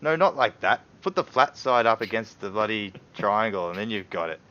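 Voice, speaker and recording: A man's voice: on the low side, lively intonation, brisk, sharp tone. A man running a tabletop game as game master, narrating with rambling, hesitant phrasing. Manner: rambling, hesitant, many fillers. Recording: dull lo-fi stream audio.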